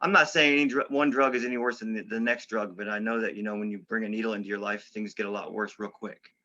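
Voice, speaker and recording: A man's voice: lowish voice, fairly even intonation, fast talker, bright, forceful tone. A middle-aged man giving an interview about his past, talking casually with lots of "you know" and "okay?" and some street slang. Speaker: interview guest. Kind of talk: candid recovery story. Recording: slightly dull, lo-fi audio.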